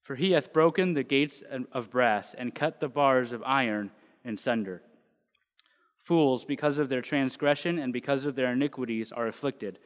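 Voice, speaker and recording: A man's voice: mid-range voice, moderate pace. A man preaching casually to a congregation, joking in asides before reading a psalm aloud. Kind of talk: casual sermon with scripture reading. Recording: long hall reverb.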